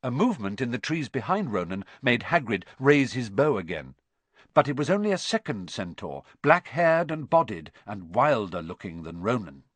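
A man narrating a children's fantasy novel as scripted storybook narration, with an expressive, dramatic reading. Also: mid-range voice, moderate pace, dry recording. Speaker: audiobook narrator.

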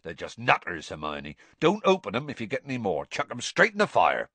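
A man reading aloud, voicing a big, gruff but gentle half-giant with rough, clipped speech. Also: on the low side, huge pitch swings, fairly quick, dry recording, full character voice. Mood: reassuring. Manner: rough dropped-letter speech.

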